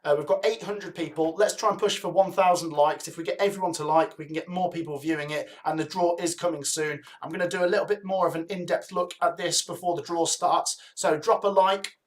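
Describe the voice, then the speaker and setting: A man's voice: fairly high pitch, steady tone, a little fast, few pauses. A young man hosting a live football watch-along, chatting casually, urging viewers to like and comment, and rattling off club names from the chat. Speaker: livestream host.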